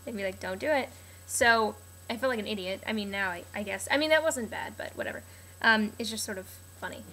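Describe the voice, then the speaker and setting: A woman's voice: mid-range voice, animated, fairly quick, bright, forceful tone. A young woman vlogger casually telling a personal story to camera, rambling with lots of fillers and restarts.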